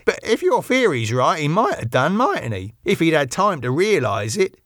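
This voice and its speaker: A man reading an audiobook, voicing a gentle young Englishwoman who speaks softly and hesitantly. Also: on the high side, wildly swooping pitch, normal speed, dry recording, studio quality, pitched above the performer's own voice. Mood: musing. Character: gentle wistful young woman.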